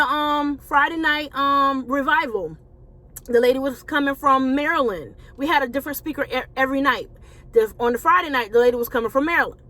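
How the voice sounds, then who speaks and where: A woman's voice: a little high, fairly bright tone. A woman, a Christian life coach and author, telling her personal story to viewers in a conversational way, calling them y'all.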